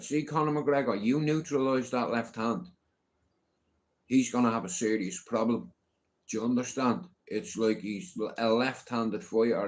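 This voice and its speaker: A man's voice: medium pitch, darkish tone. A middle-aged man ranting casually on a livestream, swearing often and asking "you know what I mean?".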